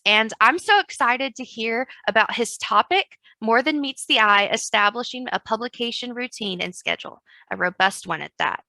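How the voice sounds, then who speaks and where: Bright-voiced woman introducing a speaker. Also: mid-range voice, lively intonation, moderate pace, vocal fry, no echo. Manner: formal, reads out credentials. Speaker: workshop host.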